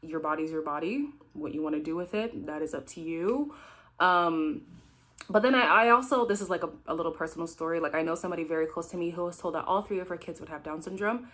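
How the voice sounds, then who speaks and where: A woman's voice: lowish voice, quick pace, fairly bright tone. A woman hosting a casual recap, talking frankly and chatting straight to her viewers. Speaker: recap host. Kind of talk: casual reaction commentary.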